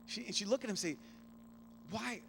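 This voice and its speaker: A priest in his thirties gives a keynote talk in a fairly high voice, telling a story earnestly. He often drops to a hush, then lifts his voice as the feeling grows. A faint hum sits under the recording. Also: lively intonation, rapid-fire. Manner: earnest storytelling, often hushed, rising with emotion. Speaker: priest giving a conference keynote. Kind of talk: youth conference keynote talk.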